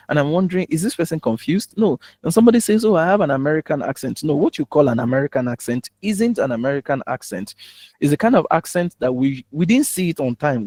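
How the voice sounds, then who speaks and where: A man's voice: medium pitch, warm tone, no room sound. A man with a Nigerian accent coaching on public speaking, in a teasing, humorous and direct way. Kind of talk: spoken teaching talk.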